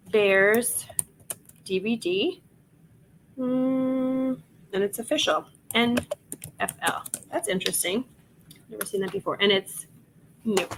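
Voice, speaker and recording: A woman's voice: medium pitch, a bit bright, slight background noise. A woman hosting a casual reselling livestream, chatting with viewers while she lists items and laughing often. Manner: chatty, laughs often, reads chat aloud.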